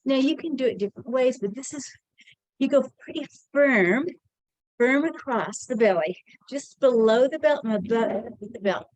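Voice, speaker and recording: A woman's voice: sits high, expressive, moderate pace, darkish tone, no room sound, highs cut off. A woman teaching an energy routine, talking through each movement as she does it and a little out of breath. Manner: chatty, encouraging, narrates her own movements. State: slightly out of breath. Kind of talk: casual instructional demonstration.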